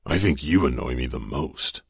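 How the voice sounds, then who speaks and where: A man's voice: very deep voice, expressive, normal speed, gravelly, breathy edge, no echo, full character voice. A man voicing a weary, sarcastic young enforcer, dry and resigned in tone. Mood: wry.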